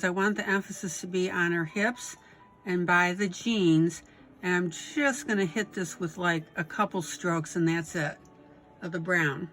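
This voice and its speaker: A woman's voice: fairly low pitch, a bit bright. A woman giving a step-by-step coloring tutorial, encouraging and often checking in with "okay?" and "right?". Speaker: coloring instructor.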